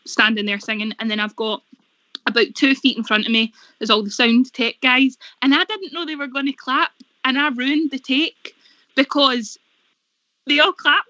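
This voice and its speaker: A bright, high-voiced young Scottish woman chatting on a phone-in, bubbly and full of laughs. The sound is dull and lo-fi, close and dry. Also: steady tone, dry recording. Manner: bubbly, laughs often, tells stories fast. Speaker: singer and guest. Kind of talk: radio phone-in chat.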